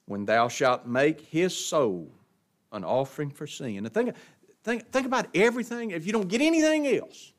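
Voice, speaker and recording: A man preaching a sermon, swinging between loud emphatic stresses and quiet asides, often asking the congregation questions. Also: fairly high pitch, lively intonation, moderate pace.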